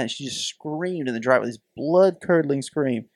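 A man's voice: medium pitch, quick pace, vocal fry, hardly any pauses, breathy edge, no room sound, clean studio sound. A middle-aged man co-hosting a podcast in casual chat, telling stories animatedly and acting out the voices. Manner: animated storytelling, acts out voices. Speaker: podcast co-host.

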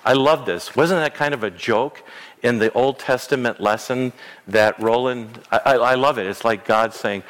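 Speaking at a moderate pace in a mid-range, slightly bright voice, a middle-aged male pastor delivers an earnest sermon, often repeating phrases and restarting words. The church sanctuary gives the recording a long reverb.

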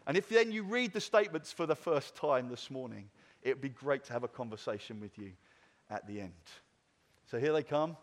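A man preaching a sermon as pastor, then leading the congregation through a slow, measured recitation. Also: medium pitch, expressive. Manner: earnest, leads a slow, paced group recitation. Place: church hall. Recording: long reverb of a church hall.

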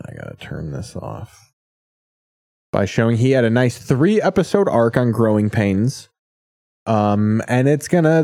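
A man's voice: mid-range voice, mellow, no echo, studio quality. A man hosting a comedy podcast, crude and rambling in his banter. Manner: profane, rambling. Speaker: podcast host.

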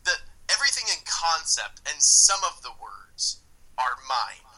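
A man co-hosting a casual podcast, ranting in an animated way with frequent profanity. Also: fairly high pitch, measured pace, noisy background. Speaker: podcast co-host.

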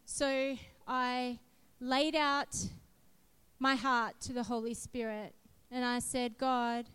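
Earnest woman preaching slowly. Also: fairly high pitch, flat delivery, fairly bright tone, smooth. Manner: earnest, emphatic storytelling. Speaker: preacher sharing testimony. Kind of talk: sermon with personal testimony.

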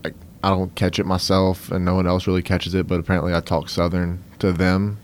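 A man's voice: deep voice, little pitch movement, fairly quick, slight background noise. A young man with a Cajun accent from South Louisiana, answering interview questions in an easygoing way with many fillers. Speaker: guest. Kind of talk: conversational interview.

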